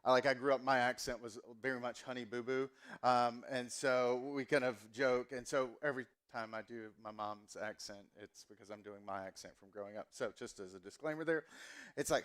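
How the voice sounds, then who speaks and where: A man's voice: medium pitch, steady tone, a little fast, a bit bright, smooth. A pastor in his forties from the Southern US, preaching a sermon in a casual, chatty, self-mocking way with plenty of ums. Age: 40s.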